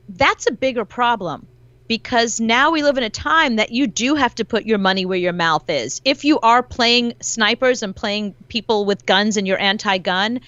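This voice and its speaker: A woman's voice: mid-range voice, no room sound, muffled recording. A woman as a guest commentator in a casual interview, talking animatedly and acting out quotes as she goes. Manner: animated, acts out quotes in her own telling. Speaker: guest commentator, celebrity journalist.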